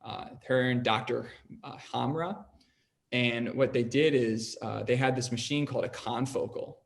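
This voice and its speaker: A man's voice: mid-range voice, normal speed, vocal fry. A young adult man hosting a podcast, telling his own story in a casual, rambling way, with lots of "like" and an earnest tone. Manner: rambling, heavy use of "like", earnest.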